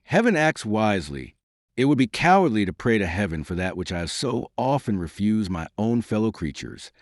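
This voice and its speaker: A man voicing a proud imprisoned young king who speaks in a calm, commanding, formal way. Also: fairly low pitch, normal speed, no room sound, studio quality. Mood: dignified.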